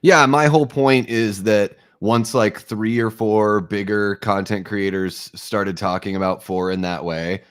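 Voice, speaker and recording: A man in his forties talks through a horror film in an easy, rambling way. His low voice carries dry, wry asides and firm opinions. The sound is close and dry, with no room in it. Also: steady tone, unhurried, few pauses, smooth, dry recording. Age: 40s. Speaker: co-host of a movie commentary. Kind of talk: casual movie commentary chat.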